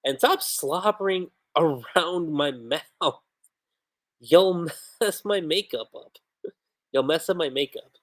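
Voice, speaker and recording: A man's voice: fairly high pitch, lively intonation, slow, long pauses, no echo. A man reading aloud as a flustered, scolding demon wife and mother, in an exasperated tone. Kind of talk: reading comic dialogue aloud on a livestream.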